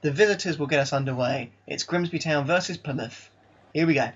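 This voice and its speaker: Excitable man commentating his own game. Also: fairly high pitch, a little fast. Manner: excitable, exasperated, swings between disbelief and calm team talk. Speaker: gaming YouTuber. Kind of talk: live commentary over a football video game. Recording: slightly dull lo-fi mic.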